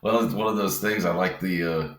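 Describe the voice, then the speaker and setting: A man's voice: sits low, fairly even intonation, fairly quick, roomy sound. A man co-hosting a podcast in casual chat, easygoing, laughing often and swearing freely. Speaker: podcast co-host.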